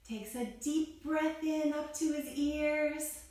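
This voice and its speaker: A woman reads a yoga story aloud for children at a very unhurried pace, her voice sitting a little high. She turns playful, calling out bright greetings. She stands back from the mic in a very echoey room. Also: steady tone. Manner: playful, greets the listener with bright rising calls. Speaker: kids yoga teacher. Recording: roomy echo from far off.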